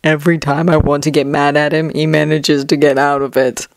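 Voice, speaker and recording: A woman voicing a tired, gruff male teacher who talks in a flat, muttering way. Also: low-pitched, brisk, slight background noise, voice pushed down. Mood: weary flat.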